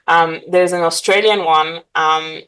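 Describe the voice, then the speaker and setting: A woman's voice: deep voice, steady tone, a little slow, a bit bright, smooth, low-quality recording. A woman from Bulgaria, a guest in a casual interview, talking animatedly with many fillers and frequent laughs.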